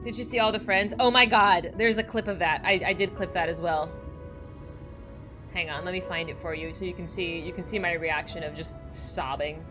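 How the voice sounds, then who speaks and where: Over music, a woman with a fairly low, steady voice talks at a moderate pace while streaming a video game. She chats casually with her viewers, giggly and emotional, often laughing through tears and restarting her sentences a lot.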